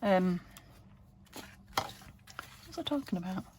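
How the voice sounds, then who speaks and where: A British woman from the UK speaks slowly in a medium-pitched, expressive, darkish voice, with slight background noise. She's a junk journal crafter chatting casually in a vlog, rambling and drifting into murmurs to herself as she works.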